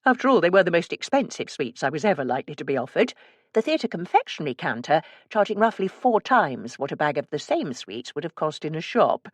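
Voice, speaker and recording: A woman narrating a first-person cozy mystery audiobook in a measured storytelling manner. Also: sits low, very animated, husky, dry recording.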